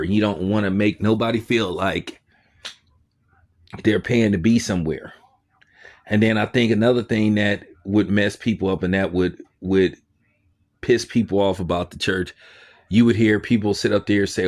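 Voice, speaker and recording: A man from Oakland, California, talking casually about his church experiences in an animated storytelling way, with quoted asides. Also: on the low side, normal speed. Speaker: commentary show host. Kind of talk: casual spoken commentary.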